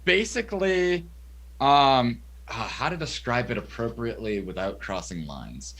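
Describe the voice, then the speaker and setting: A man's voice: mid-range voice, lively intonation, measured pace, a bit bright. A man as a podcast guest, talking casually with hesitant fillers and bursts of laughter. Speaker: podcast guest, charity streamer.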